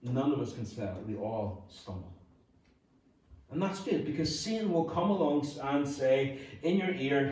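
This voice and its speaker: A man's voice: mid-range voice, lively intonation, measured pace, a little mellow, slight background noise. A man with a Northern Irish accent preaching a humorous, conversational sermon as pastor. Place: church hall. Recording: echoey hall from far off.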